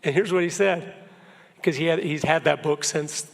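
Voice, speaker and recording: A man's voice: fairly high pitch, normal speed, gravelly. A man in his fifties from Florida, giving an earnest, emphatic church talk full of personal stories. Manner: earnest storyteller, emphatic, shifts pace a lot. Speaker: guest speaker. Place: church sanctuary. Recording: long hall reverb.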